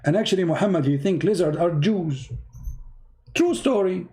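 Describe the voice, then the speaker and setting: Sarcastic man with a mellow voice. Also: sits high, moderate pace. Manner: sarcastic, emphatic, mocking; non-native English grammar. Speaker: religious debater. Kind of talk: mocking polemic commentary.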